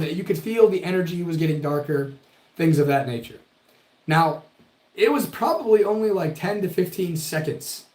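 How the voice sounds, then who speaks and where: A man casually telling a spooky story with lots of swearing. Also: on the high side. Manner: profane, animated storytelling. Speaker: podcast guest telling a ghost story. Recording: echoey room.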